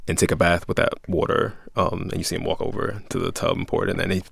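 A man hosting an interview, asking questions in a relaxed, reflective way. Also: sits low, quick pace, creaky, slightly rough, no echo, clean studio sound. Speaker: interviewer, host.

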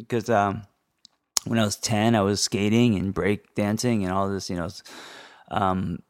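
A man's voice: lowish voice, measured pace. A man in his forties from Los Angeles with a slight lisp from braces, hosting a casual, rambling podcast monologue full of ums. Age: 40s. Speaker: therapist and podcast host.

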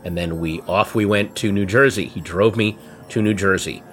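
A man telling a comic story in an animated, wry way, building tension. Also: sits low, moderate pace. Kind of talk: comedic storytelling. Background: guitar music.

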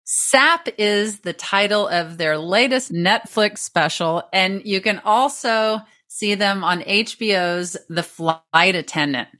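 Middle-aged lady hosting a podcast, super slow and dry, deadpan. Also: medium pitch. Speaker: podcast host. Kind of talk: casual chat.

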